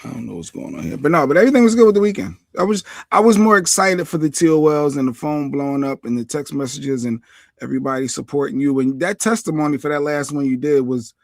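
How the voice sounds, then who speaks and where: A man's voice: mid-range voice, brisk, creaky, no echo, clean studio sound. A man co-hosting a podcast, talking in a laid-back, easygoing way in casual chat. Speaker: podcast co-host.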